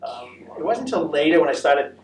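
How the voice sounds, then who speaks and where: A man's voice: a little high, big pitch swings, fairly quick, darkish tone. An American man giving a casual talk about a long walk to an audience at a senior center, chatty and rambling with many fillers. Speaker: presenter of a walking trip talk. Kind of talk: casual presentation with audience questions. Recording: echoey room, voice from a distance, faint noise.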